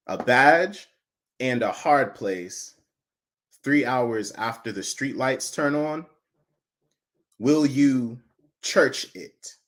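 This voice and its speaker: A man performing a spoken word poem, building from low and hushed to loud, chanting intensity. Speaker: poet.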